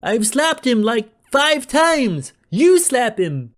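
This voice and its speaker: A man voicing an excitable young male henchman, with a high, loud, yelping voice. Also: takes it slowly, full character voice. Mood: frantic, excited.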